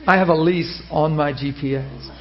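A man preaching a sermon in an animated storytelling way, laughing through funny asides. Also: a little high, moderate pace, highs cut off. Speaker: pastor.

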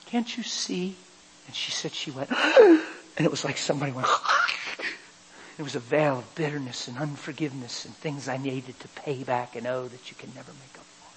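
A man preaching a sermon, telling an emotional personal story and building to loud, fervent passages. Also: mid-range voice, animated, fairly quick, slight background noise, rough recording.

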